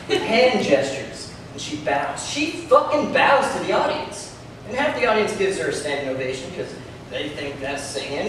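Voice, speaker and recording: An actor playing a bitter, sarcastic young male student telling a gossipy story in an amateur stage play. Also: on the high side. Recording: distant echoey hall with noise.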